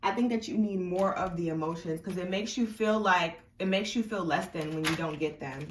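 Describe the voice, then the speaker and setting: A woman's voice: on the low side, moderate pace, recorded from a distance, noisy background. Congested woman reading tarot, echoey room. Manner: chatty and rambling, many fillers and restarts. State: congested sinuses. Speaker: tarot reader. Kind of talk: casual tarot reading to camera. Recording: echoey room, mic set back.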